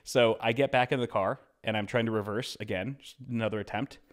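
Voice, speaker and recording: A young man on a podcast telling a story in a casual, animated way, switching into quoted voices as he goes. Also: on the low side, a little fast. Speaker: podcast co-host.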